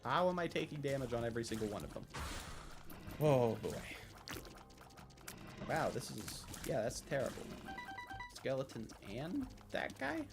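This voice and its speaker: A young man streaming a video game live, thinking out loud, getting excited and swearing freely as he plays. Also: mid-range voice, unhurried, pauses often. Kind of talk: live gameplay commentary. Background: game music.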